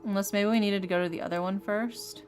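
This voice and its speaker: A woman's voice: mid-range voice, fairly even intonation, fast talker, darkish tone, faint music behind. A woman streamer giving casual, chatty commentary while playing a mystery game. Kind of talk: let's-play commentary.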